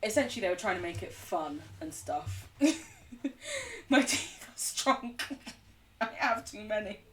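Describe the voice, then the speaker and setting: An English woman chatting casually while streaming a game, animated, laughing often and swearing freely. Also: mid-range voice, slow pace, recorded from a distance. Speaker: livestreamer. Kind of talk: casual chat while gaming.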